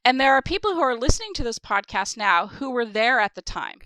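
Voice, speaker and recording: A woman co-hosts a casual podcast with a bright, crisp voice that sits a little high. She talks in a rambling, chatty way, full of fillers and asides. The sound is dry and close. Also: very animated, fairly quick, no room sound. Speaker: podcast co-host. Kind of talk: casual chat.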